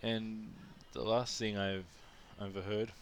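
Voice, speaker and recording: A man's voice: on the low side, little pitch movement, slow pace, a little hiss or hum. A man with an Australian accent telling a blunt, exasperated vlog rant full of restarts. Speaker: vlogger. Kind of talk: casual storytelling rant.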